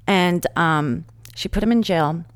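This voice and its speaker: A woman's voice: on the low side, a little slow, clear, resonant tone, dry recording, clean studio sound. A woman hosting a casual conversation, telling stories animatedly and acting out what others said. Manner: animated storytelling, acts out quotes. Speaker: host.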